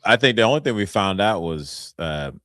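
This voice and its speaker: A man's voice: on the low side, animated, normal speed, fairly bright tone, dry recording, studio quality. A man hosting a casual political chat, earnest, with frequent laughs and short agreeing interjections. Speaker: host.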